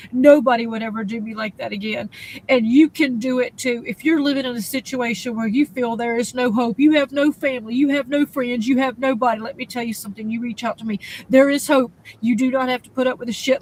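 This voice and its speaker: A tearful woman speaks straight to her phone audience in a raw personal monologue. Her voice sits a little high, and she stumbles, repeats words and swears bluntly. A faint background hum stays under her voice. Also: rough recording. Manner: halting, repetitive, outspoken with profanity. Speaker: social media creator. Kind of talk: emotional personal video monologue.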